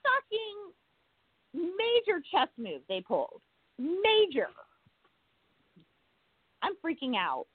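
A woman's voice: very high voice, dry recording. A woman in casual chat, ranting and swearing freely, easily worked up. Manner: profane, excitable, rants fast. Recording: tinny phone line.

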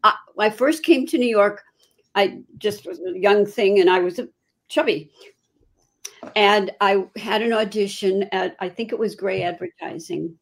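An older woman recounts her past with the lively pull of a born storyteller. Her voice is husky and sits at a middle pitch. The telling stays conversational and anecdotal. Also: a little slow. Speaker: guest performer. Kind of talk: storytelling in casual chat.

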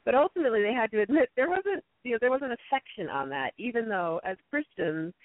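A woman guest speaker telling lively stories about conflict in a casual interview, acting out quotes in a high voice. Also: fast talker, no room sound. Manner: animated storyteller, acts out quotes in a high voice. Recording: dry tinny phone-like line.

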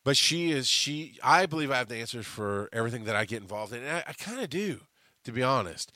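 Bright-voiced, profane podcast man. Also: medium pitch, fast talker, no echo, clean studio sound. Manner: profane, animated storytelling with frequent restarts. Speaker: podcast host. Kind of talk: casual monologue.

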